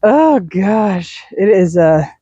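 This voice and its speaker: Slow, unhurried, a woman talks while she walks her dog through a neighborhood at night, chatty and quick to laugh or sigh. Her voice is mellow and a little husky, recorded close and dry with no room around it. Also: medium pitch, animated, no echo, muffled recording. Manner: chatty, laughs and sighs often. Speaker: vlogger walking her dog. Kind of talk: casual walk-and-talk chat.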